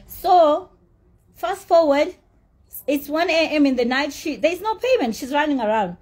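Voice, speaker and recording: A woman's voice: high voice, animated, unhurried, a little mellow. A woman telling her side of a dispute in a blunt, profane, indignant rant. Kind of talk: heated storytelling rant.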